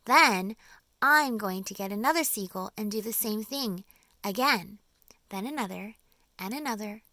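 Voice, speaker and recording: Storybook boy, calm and resolute, earnest steady delivery, bright dry sound; woman performer. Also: mid-range voice, unhurried, no room sound. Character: young boy, calm and determined. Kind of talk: audiobook character voice.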